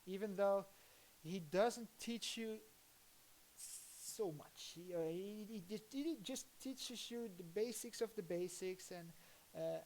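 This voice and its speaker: Chatting on her live stream as she works at a computer, this Dutch-accented woman from the Netherlands thinks out loud in a rambling way, with halting restarts. Her pitch sits in the middle and her tone is darkish, against slight background noise.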